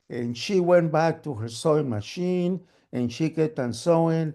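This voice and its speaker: A man telling a story at a live storytelling event, animated and humming sewing-machine sounds. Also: a little high, unhurried, gravelly, hardly any pauses. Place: storytelling event, online gallery view.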